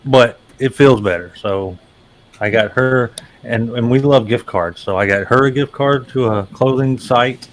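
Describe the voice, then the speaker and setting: A man's voice: medium pitch, a little slow, slight background noise. A man co-hosting a casual chat over a video call, with a dry joking manner. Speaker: podcast co-host.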